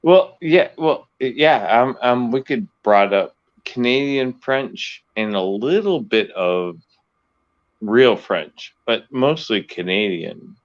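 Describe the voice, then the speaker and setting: A man from the US East Coast, near Boston, joining a live stream as a guest, talking in chatty, halting bursts full of restarts. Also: mid-range voice, expressive, dull audio. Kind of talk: casual live-stream chat.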